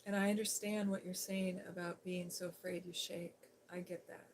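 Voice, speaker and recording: Soft-spoken woman streamer, gentle and earnest. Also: fairly low pitch, flat delivery, normal speed, slight background noise, rough recording. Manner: drops to a near-whisper at times. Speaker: Christian ASMR livestream host. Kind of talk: softly spoken personal testimony on a livestream.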